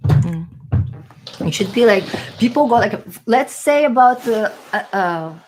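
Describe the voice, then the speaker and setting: A woman's voice: fairly high pitch, expressive, unhurried, a little mellow, a little hiss or hum. A woman vlogger musing in a casual monologue, rambling and hesitating as she searches for words.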